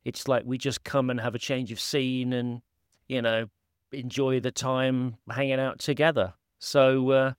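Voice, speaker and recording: A man's voice: medium pitch, level tone, unhurried, clean tone, no echo, clean studio sound. A man hosting a podcast from a laptop while on holiday, chatting casually in a rambling, self-deprecating way full of fillers. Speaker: podcast host. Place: holiday home indoors, at a laptop.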